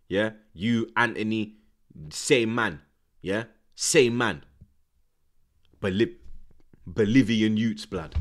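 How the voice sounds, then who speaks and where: A man hosting a football watchalong, ranting with heavy swearing and street slang. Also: lowish voice. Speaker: host.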